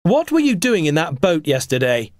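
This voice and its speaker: A blunt, stern middle-aged father voiced by a man reading an audiobook. His lines rise and fall with lively pitch. The recording is dry and close. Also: measured pace, no echo.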